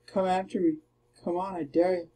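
A man doing let's play commentary, trash-talking his opponents and shouting battle cries. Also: high-pitched, level tone, normal speed. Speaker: gamer.

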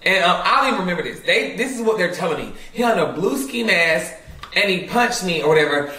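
A man's voice: high-pitched, lively intonation, quick pace, a crowd in the background. A man telling a story with lots of animation and laughter, swearing and mimicking other people. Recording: echoey room, mic far off.

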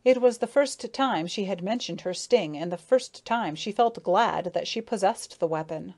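A woman narrating a storybook as an audiobook, in steady, clear storytelling. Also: medium pitch, moderate pace.

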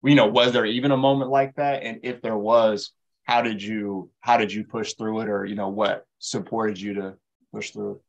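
A man hosts a community workshop panel and puts questions to a guest. He talks in a relaxed way with plenty of fillers, in a low and flat voice. The recording sounds dull and lo-fi. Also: normal speed, vocal fry. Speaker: workshop host and interviewer. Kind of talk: moderating a panel discussion. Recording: dull lo-fi audio.

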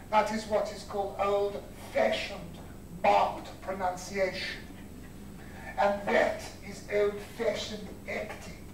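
A man giving an academic conference lecture, lively, asking rhetorical questions and counting off his points. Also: high-pitched, slight background noise. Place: university lecture hall. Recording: roomy hall heard from far off.

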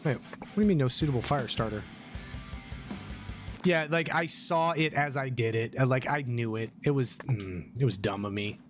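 A man's voice: mid-range voice, normal speed, soft background music. A middle-aged man streaming a survival game, chatting casually, thanking viewers and swearing at scares. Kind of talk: casual live gameplay commentary.

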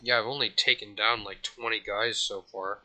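A man giving casual, jokey let's-play commentary at home, self-mocking, slightly out of breath, with sudden high yelps. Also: steady tone, normal speed, bright, forceful tone. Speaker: gaming channel host.

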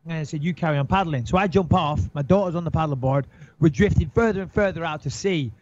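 A man in an interview telling a story in a casual way. He is animated, swears a lot and acts out his own panicked thoughts. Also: a little high, fast. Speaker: interview guest. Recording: dull, dry recording.

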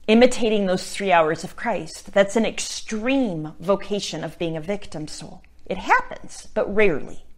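A woman with a mid-range voice talks earnestly about faith as a Catholic missionary. She keeps checking in with her listeners and shifts between emphatic passages and soft, near-whispered ones. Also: medium pitch, normal speed, hardly any pauses. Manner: earnest, tags points with "right?". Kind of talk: spoken reflection on faith.

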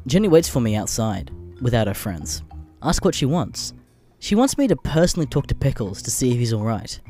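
A man narrating comedic internet stories with crude, deadpan asides, a little under the weather. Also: mid-range voice, fairly quick, soft background music. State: a bit sick.

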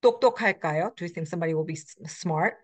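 Woman, middle-aged, lecture instructor, lowish voice, halting explanations with ums and uhs. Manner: explanatory, with frequent fillers and self-corrections; switches between English and Korean examples. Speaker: Korean language instructor. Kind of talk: recorded lecture.

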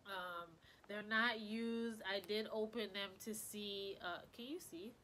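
A woman's voice: mid-range voice, steady tone, slow, sharp tone, a little hiss or hum. Chatty woman vlogger with a stuffy nose. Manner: chatty, rambling and effusive. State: stuffy-nosed. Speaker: hair care vlogger. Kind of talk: casual chat to camera.

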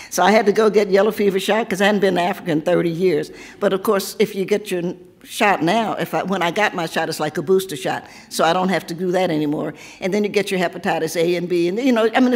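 A seventy-year-old woman from Tennessee, hoarse from losing her voice, reading a poem and then chatting with laughing asides. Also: lowish voice. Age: 70s. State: hoarse, lost voice. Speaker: author. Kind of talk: poetry reading then casual talk.

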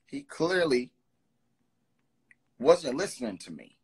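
A young man in his twenties hosting a phone live stream, chatting casually and teasing his callers with quick banter. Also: mid-range voice, very animated, breathy edge. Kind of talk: casual live video chat.

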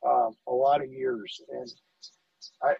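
A middle-aged man, a fire lieutenant in a casual podcast conversation, telling animated stories and acting out the dialogue. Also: medium pitch, takes it slowly, creaky, no room sound, distant mic. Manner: animated storyteller, acts out quoted dialogue, repeats words. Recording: dull dry audio, off-mic.

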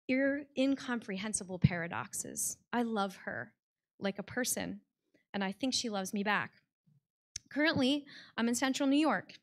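Woman, American, live storyteller on stage, conversational, heartfelt, lots of "like". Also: fairly high pitch. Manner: conversational and heartfelt, with frequent "like" fillers. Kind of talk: live personal storytelling to an audience. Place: stage in a live event room with an audience.

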